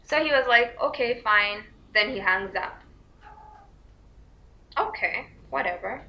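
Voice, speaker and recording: A young woman telling a storytime to her vlog viewers, full of fillers and likes, acting out quotes in a high squeaky voice. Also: animated, slow pace. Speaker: vlogger. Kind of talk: casual storytime chat. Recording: dull lo-fi recording.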